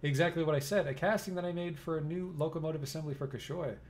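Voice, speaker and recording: A man reading game dialogue aloud, voicing a cultured and polite middle-aged male engineer who speaks in a formal, measured way. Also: on the high side, darkish tone, slight background noise, pitched above the performer's own voice, natural voice.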